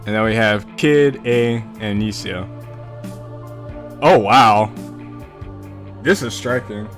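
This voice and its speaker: A man's voice: lowish voice, slow pace. A man streaming a game, reading out comments and reacting with casual, profane commentary and frequent laughter. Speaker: gaming streamer. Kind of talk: casual let's-play commentary. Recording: faint music behind the voice.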